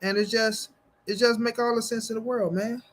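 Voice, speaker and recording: A man's voice: sits high, little pitch movement, moderate pace. A man hosting a casual boxing livestream, talking straight to his chat in slang and repeating his phrases for emphasis. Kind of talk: casual livestream chat, reading viewer comments.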